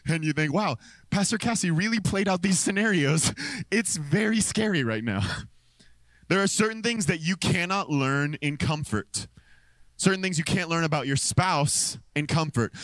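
Animated American man preaching a story. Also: high voice, dry recording. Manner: animated storytelling, acts out quotes, laughs often. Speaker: pastor. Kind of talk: sermon with personal story. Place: church stage. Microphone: stage microphone.

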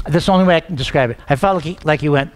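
Middle-aged male pastor with a high voice, storytelling sermon delivery, repeats and restarts words. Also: very fast. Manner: storytelling, acts out quoted dialogue.

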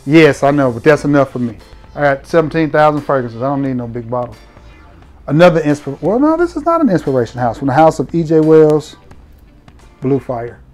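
A man's voice: a little high, lively intonation, a little fast, darkish tone, faint music behind. A man, chatting playfully and directly to viewers while reviewing his fragrances. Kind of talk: casual review vlog.

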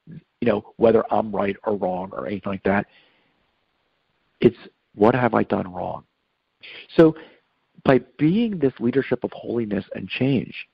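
A man's voice: mid-range voice, vocal fry, slightly rough, no room sound, highs cut off. A middle-aged man giving earnest, preachy advice on marriage as a guest on a Catholic radio talk show, repeating himself with fillers.

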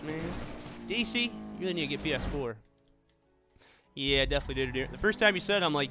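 A man's voice: fairly high pitch, fast, over music. A man streaming a racing game, chatting with viewers and friends and exclaiming often. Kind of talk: live gameplay commentary.

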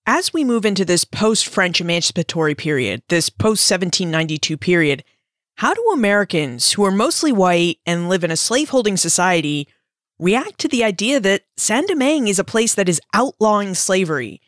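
Woman, podcast host, lively pitch, dry close sound, probing questions. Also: a little fast, no room sound. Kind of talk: interview question.

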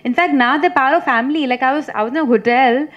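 Actress lady chatting away at a press meet, lots of likes and restarts, kinda high voice, muffled audio. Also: quick pace. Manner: lively storyteller, many fillers and restarts; teasing, laughs often.

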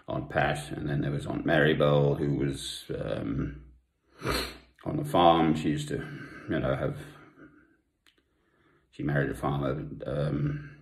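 An older man from South Africa, talking at home in a rambling personal monologue with pauses and asides. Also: a bass voice, darkish tone. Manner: meandering, with long pauses and asides. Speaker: Christian vlogger. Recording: echoey room.

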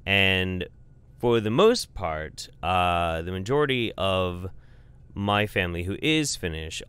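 Low-voiced man telling a profane comic story. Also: clear, resonant tone. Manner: profane, rambling, animated. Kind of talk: casual comedic storytelling.

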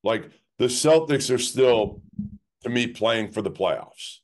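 A man's voice: mid-range voice, lively intonation, slow pace. A man co-hosting a sports podcast, talking casually in a rambling way full of "like" and restarts. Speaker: podcast co-host.

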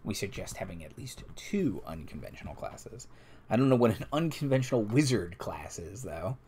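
Man reading game rules aloud, low-pitched. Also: sing-song, normal speed, darkish tone, a little hiss or hum. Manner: reads rules aloud with asides to the chat. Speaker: game master and stream host.

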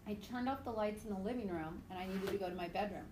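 A woman teaches a biology class with a casual lecture, speaking quickly in a mid-range voice through a tablet screencast mic with roomy sound and a bit of hiss or hum. She's lively, acting out little voices and stories and laughing frequently.

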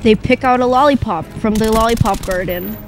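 A young man telling a rambling, improvised comic story in a deadpan way, pausing often. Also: high-pitched, a little hiss or hum, poor audio. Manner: rambling, deadpan, with long pauses.

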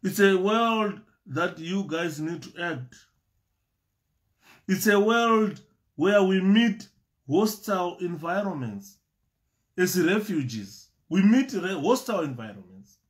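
A man's voice: sits high, lively intonation, takes it slowly. A man giving an earnest speech, repeating his phrases for emphasis. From Zimbabwe. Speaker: speaker at a refugee support event.

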